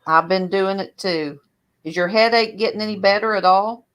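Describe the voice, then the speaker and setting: Woman making slow playful quips. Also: mid-range voice, fairly bright tone, smooth. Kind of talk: casual live stream chat.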